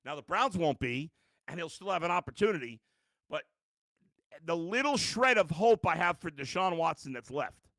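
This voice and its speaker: A middle-aged man hosts a live post-game sports show, ranting bluntly and cursing freely. His voice sits a little high, with a gravelly fry and a sharp, bright edge. The sound is dry and close, with little room in it. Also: expressive, moderate pace, no room sound. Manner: blunt, heated, ranting with profanity; self-mocking asides, frequent restarts. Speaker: sports talk show host.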